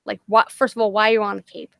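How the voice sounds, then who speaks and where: A woman's voice: mid-range voice, flat delivery, fast, gravelly, a bit bright, no echo. A woman with a Boston accent hosting a casual livestream, swearing constantly and rambling with self-deprecating jokes. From Massachusetts. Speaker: livestream host.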